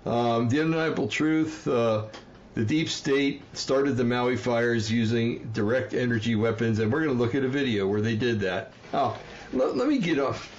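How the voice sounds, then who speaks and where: A livestream host from New Jersey rambles heatedly in casual commentary, with frequent fillers and apologies. His medium-pitched voice moves at a normal speed, and the sound is lo-fi.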